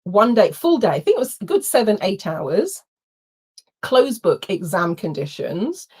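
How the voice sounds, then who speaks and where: A middle-aged woman, telling a personal story in an animated way, acting out quotes and laughing often. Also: fairly low pitch. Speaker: workshop host. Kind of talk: storytelling talk.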